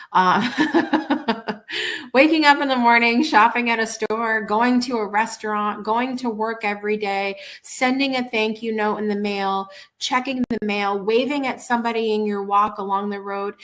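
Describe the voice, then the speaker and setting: A chatty woman hosts a live show, telling little stories in a relaxed, heartfelt way. She often trips over her words and starts again, keeping her tone earnest and conversational. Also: a little high. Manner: chatty, warm, earnest, with many restarts. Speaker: show host. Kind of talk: casual storytelling on a live show.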